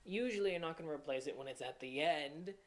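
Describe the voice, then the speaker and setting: A woman coach giving an accent lesson in a steady, explaining manner. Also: deep voice, quick pace, slight background noise.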